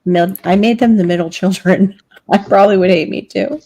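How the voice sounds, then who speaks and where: A chatty, candid woman talks in a loose, wry way and laughs easily. Her voice sits in an ordinary middle register. It comes through a home webcam mic on a relaxed family stream. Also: mid-range voice, moderate pace, no echo. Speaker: co-host of a live family stream. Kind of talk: casual chat.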